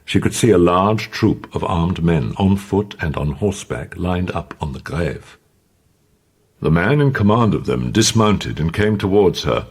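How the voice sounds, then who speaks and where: A man narrating an audiobook in an expressive, dramatic way. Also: sits low, measured pace, slightly rough.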